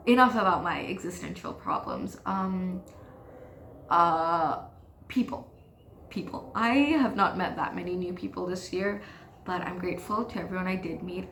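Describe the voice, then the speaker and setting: A woman's voice: on the low side, fairly bright tone, slight background noise. Ranting teenage girl in an echoey room. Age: teens. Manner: frank, swears freely, ranting and self-deprecating. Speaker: podcast host. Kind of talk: casual confessional rant.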